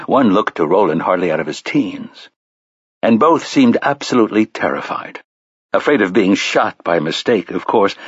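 Male audiobook narrator, low husky voice, lively delivery, dry muffled recording. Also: dry recording. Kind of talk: scripted narration.

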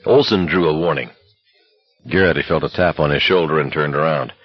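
A man reading a novel aloud as an audiobook narrator, in a steady, even manner. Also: extremely low pitch, a little fast, slightly rough, no echo, lo-fi sound.

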